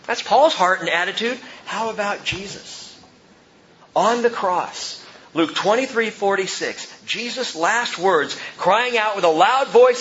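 A man preaching a sermon as pastor, swinging between loud emphatic peaks and quiet low asides. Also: moderate pace, lo-fi sound, a little hiss or hum. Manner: animated preaching, rising and dropping sharply for emphasis.

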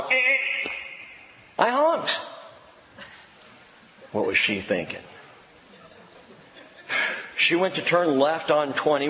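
A man's voice: mid-range voice, a bit bright, a little hiss or hum. A man preaching a sermon, telling a personal story with self-mocking humor. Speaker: pastor. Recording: long reverb of a church hall.

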